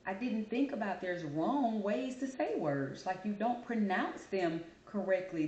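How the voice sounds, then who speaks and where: A woman hosting her channel, talking casually to camera and telling her story in an animated, chatty way. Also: medium pitch, normal speed, hardly any pauses, lo-fi sound. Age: adult. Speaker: channel host. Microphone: camera mic. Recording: roomy echo.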